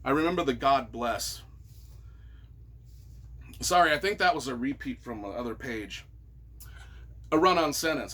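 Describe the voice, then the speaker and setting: A man's voice: mid-range voice, expressive, normal speed, pauses often, bright, forceful tone, husky. A man, a novelist, giving casual, mock-earnest and playfully sarcastic commentary, often stumbling over his words. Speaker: novelist reading reviews of his own books.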